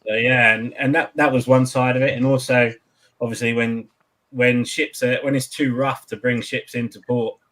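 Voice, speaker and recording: English guy in his 40s, pretty flat monotone voice, just telling his story. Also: mid-range voice, normal speed. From England. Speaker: guest. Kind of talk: casual chat.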